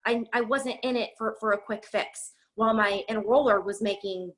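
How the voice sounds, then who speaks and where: A woman's voice: mid-range voice, steady tone. A young woman leading a network marketing team, giving an emphatic, breathless motivational talk on a video call. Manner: fast, emphatic, preachy pep talk.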